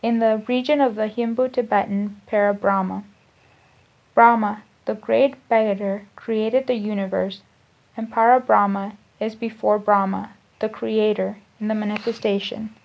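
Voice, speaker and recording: Woman, spiritual lecture, reading teachings aloud, deliberate, repeats phrases, muffled lo-fi sound. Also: mid-range voice, fairly even intonation, gravelly. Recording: dull lo-fi recording.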